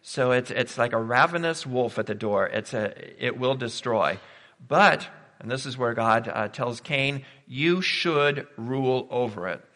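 A man preaches a sermon in an easy, conversational manner, thinking aloud with rhetorical questions and the odd "uh". His voice is bright and clear at a middle pitch. It carries with a long reverb through a large hall. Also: unhurried.

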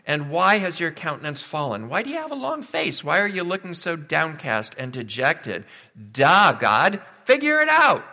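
A man's voice: on the high side, expressive, moderate pace, sharp tone, big-room sound. A man voicing an indignant young Cain who complains sarcastically, in a sermon. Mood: exasperated. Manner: exasperated, mocking rhetorical complaints.

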